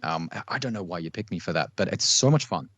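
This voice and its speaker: A man with an Australian accent, a vocal coach, chatting in a relaxed, agreeable way and often chiming in. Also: deep voice, dry recording. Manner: relaxed, agreeable, with quick affirmations. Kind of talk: casual chat between vocal coaches.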